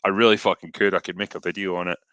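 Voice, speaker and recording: A Scottish man in his thirties talks into a headset during a loose livestream, filling gaps with "um" and throwing out dry sarcastic jokes. His voice is slightly low but bright and forceful. The sound is close and dry, with no room around it. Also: racing, clear, resonant tone, no echo, muffled recording. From Scotland. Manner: relaxed, filler-heavy, dry sarcastic humor. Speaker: host reading superchats. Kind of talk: casual livestream chat.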